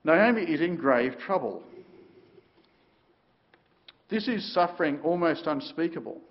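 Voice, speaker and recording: A man preaching a sermon, telling the story dramatically with sudden shifts between loud and quiet. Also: a little high, lively intonation, a little slow, lo-fi sound.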